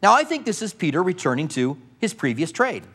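A man's voice: sits high, sing-song, a little fast, fairly bright tone, husky. A man preaching a sermon, retelling a story vividly and asking his listeners questions.

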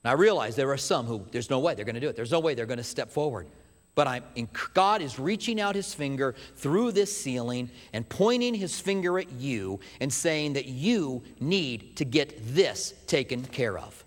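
A man preaching a sermon as a pastor, an animated storyteller who drops to hushed emphasis, heard in a church sanctuary. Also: medium pitch, normal speed. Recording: long hall reverb.

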